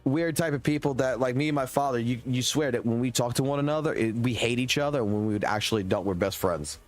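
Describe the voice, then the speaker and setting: This streamer talks fast in a mid-range voice, with faint music playing behind him. He's a young man from Louisiana with a Southern drawl, swearing and rambling animatedly through a loose livestream rant right up on his desk mic.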